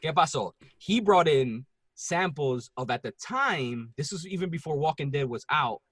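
A man with a Puerto Rican accent, telling a story in casual podcast chat, profane and animated. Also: on the high side, normal speed, breathy edge, no room sound. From Puerto Rico.

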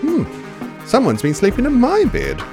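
A fussing mother bear, as a storyteller puts her on, in a storybook reading. She speaks in a raised, fluttery voice with lively swoops and slight gravel, over faint music. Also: mid-range voice, normal speed, pitched above the performer's own voice. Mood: puzzled. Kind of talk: storybook read-aloud.

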